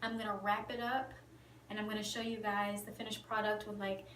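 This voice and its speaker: A woman vlogging in a gushing, excited way about her hair, now and then dropping to a whisper. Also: medium pitch, fairly quick, reverberant, far from the mic, a little hiss or hum, low-quality recording. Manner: gushing, animated, drops to whispers. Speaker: beauty vlogger. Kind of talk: excited casual vlog chat.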